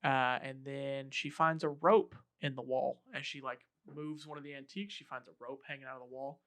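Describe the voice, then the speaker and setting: A man's voice: medium pitch, normal speed. A man hosting a casual podcast, animatedly retelling a film scene by scene. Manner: animated storytelling, acting out quotes. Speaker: podcast host. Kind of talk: casual chat.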